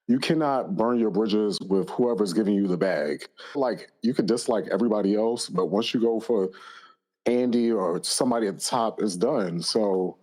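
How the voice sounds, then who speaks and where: Opinionated man caller with a lowish voice. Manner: steady, opinionated. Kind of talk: casual call-in commentary.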